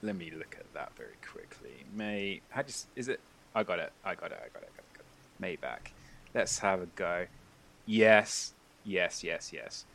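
A man as game master, narrating a tabletop role-playing game in a descriptive, halting way. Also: deep voice, big pitch swings, creaky, fairly bright tone, a little hiss or hum. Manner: descriptive, halting with fillers and restarts.

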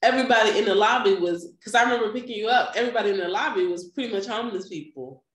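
A woman's voice: mid-range voice, rapid-fire. A woman in a casual chat, chiming in and asking curious questions. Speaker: podcast co-host. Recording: roomy echo.

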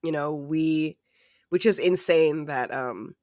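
A podcast co-host chatting casually and joking around, with plenty of swearing along the way. The voice sits at a middle pitch for its kind. It is recorded close and dry, with almost no room sound. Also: slow pace, dry recording. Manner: animated, profane and joking. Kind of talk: casual chat. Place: lives in New York City.

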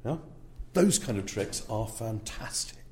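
A man talking casually in an interview about his work as a speaker agent. His voice is low and mellow. He hesitates with fillers and checks in with the listener with a frequent "yeah?". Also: lively intonation, a little slow.

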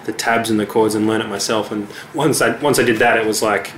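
A man's voice: fairly low pitch, fairly even intonation, a little fast, fairly bright tone, slight background noise. A young man, a musician chatting casually as an interview guest, talking with many fillers and restarts. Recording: echoey room with faint ambience.

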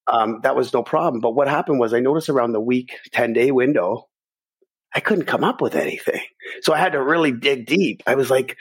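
A middle-aged man appears as a podcast guest, telling a personal story with energy and acting out his own thoughts. His mid-range voice moves briskly and carries a breathy edge.

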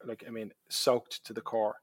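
An Irish man telling a long personal story as a podcast guest, lively, dropping to a murmur at quiet moments. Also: fairly low pitch, normal speed, no room sound. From Ireland. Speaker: charity hike organizer, guest.

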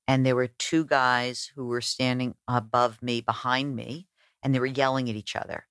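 Guest woman, lively anecdote teller, dry close sound. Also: a bass voice, no room sound. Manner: animated, acts out quoted voices. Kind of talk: conversational storytelling.

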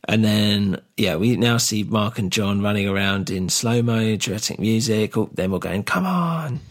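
A man's voice: lowish voice, fairly even intonation, normal speed. A man hosting a podcast, recapping a film plot in casual chat, laughing often and quoting mockingly. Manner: amused, recapping a plot with laughs and mock quotes. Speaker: podcast host.

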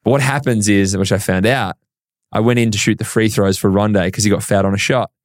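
An Australian professional basketball player tells his story as an interview guest, animatedly acting out the dialogue in it. His voice is lowish and fast, recorded dry with clean studio sound.

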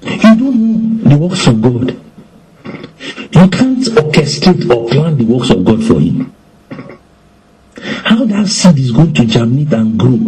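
A man preaching with animated delivery, acting out quoted lines in shifting voices. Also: medium pitch, rough recording. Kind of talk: lively preaching in conversation.

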